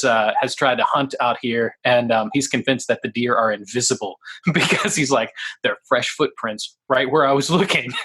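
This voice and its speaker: A man's voice: mid-range voice, sharp tone, rough recording. A man co-hosting a podcast in easygoing casual chat, often laughing along. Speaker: podcast co-host.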